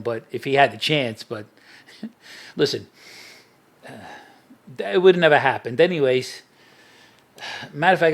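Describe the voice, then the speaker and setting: A middle-aged man with a mid-range voice guests on a podcast, telling street stories in a casual interview and laughing at his own anecdotes.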